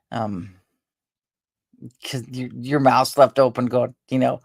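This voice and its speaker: A woman hosting a casual live stream, rambling along with halting restarts and fillers, sounding tired and drained. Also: extremely low pitch, animated, creaky, no room sound, clean studio sound. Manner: meandering, halting talk with many restarts and fillers. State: tired and drained after a stressful day. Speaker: livestream host.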